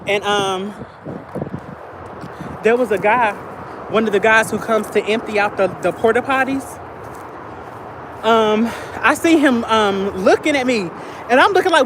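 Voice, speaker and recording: A trans woman walks through an outdoor field on a phone livestream, telling stories in a loose, slangy, chatty way. Her voice sits high. Steady highway traffic rumbles loudly under everything she says. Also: moderate pace, long pauses. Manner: chatty, slangy storytelling while walking outdoors. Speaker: vlogger living in a car. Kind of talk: casual livestream chat. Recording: loud outdoor traffic noise.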